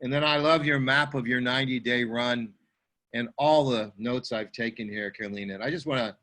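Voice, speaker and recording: Bright-toned man praising on a video call. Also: mid-range voice. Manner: halting, full of restarts. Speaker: network marketing veteran.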